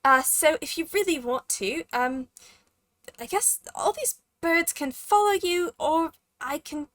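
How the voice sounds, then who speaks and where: An eager young woman with a high, bright voice, as a woman game master puts her on. She bounces from giddy to soft and hesitant, careful not to show her face, in a tabletop game. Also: a little slow, dry recording, studio quality.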